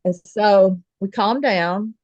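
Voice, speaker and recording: A woman's voice: medium pitch, takes it slowly, darkish tone, no room sound, lo-fi sound. A woman telling a true personal story in a casual, folksy way, acting out the dialogue of the people in it. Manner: vivid, folksy retelling with quoted dialogue.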